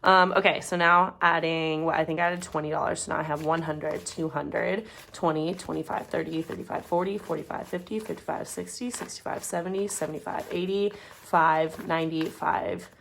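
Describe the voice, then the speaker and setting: Counting cash at home with her dog close by, a woman in her 20s rambles casually as a budgeting vlogger, muttering figures under her breath. She sounds low and gravelly, a bit bright, fairly even at normal speed with hardly any pauses, over a little hiss or hum.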